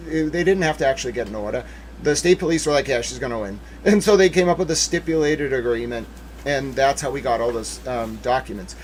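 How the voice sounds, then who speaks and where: A man giving casual, rambling legal commentary on a stream, animated, with jokey asides and mock voices. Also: mid-range voice, a little hiss or hum.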